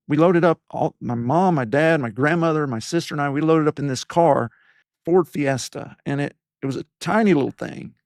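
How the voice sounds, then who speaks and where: A man's voice: on the high side, a little mellow, no room sound, clean studio sound. Southern-accented man telling his story. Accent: softened East Tennessee Southern. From East Tennessee. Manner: earnest storytelling, acts out quoted voices. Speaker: podcast host as guest. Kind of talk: reflective interview talk.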